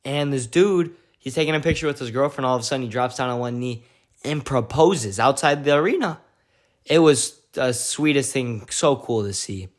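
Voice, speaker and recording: A male vlogger giving an excitable, slangy recap of a fight week, full of "like"s. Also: mid-range voice, moderate pace. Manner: excitable, slangy storytelling with many "like"s. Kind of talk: casual event recap vlog.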